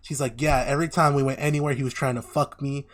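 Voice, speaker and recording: A man on a casual podcast, talking at an ordinary middle pitch. He recaps an episode with animated energy and puts on quick voices for the characters. His delivery is loose and conversational. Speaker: podcast co-host.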